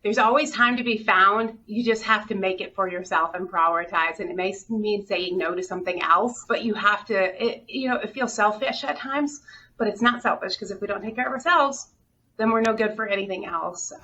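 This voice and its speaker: A woman's voice: medium pitch, fairly quick, pushed and bright. A middle-aged woman, a hospital director, talking candidly and earnestly in an interview, sometimes near tears. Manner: earnest, openly emotional storytelling. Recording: dull, distant audio with faint noise.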